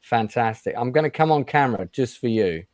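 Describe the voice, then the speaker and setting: A man's voice: medium pitch, expressive, a little fast, a little mellow, dry recording. A man hosting a casual livestream chat show, talking chattily with many fillers and restarts. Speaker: host.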